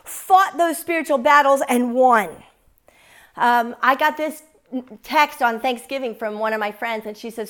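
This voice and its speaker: A woman preaching a sermon in an emphatic, animated way, often repeating phrases for stress. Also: on the high side, normal speed.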